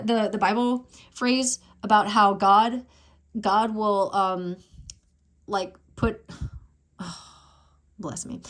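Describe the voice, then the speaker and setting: A woman giving a casual collective tarot reading, chatting, thinking aloud and exclaiming over the cards as she goes. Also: mid-range voice. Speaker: tarot reader.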